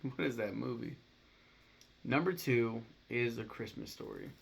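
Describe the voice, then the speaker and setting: A young YouTuber ranks movies in a casual vlog, talking to camera through the camera mic. His lowish voice has a gravelly fry, and he rambles, swears freely and acts out scenes in quick voices over slight background noise.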